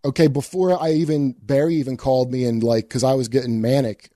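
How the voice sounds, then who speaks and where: A man's voice: mid-range voice, steady tone, brisk, warm tone, no echo. A man in casual podcast chat, telling a story in a rambling, profane way with many restarts.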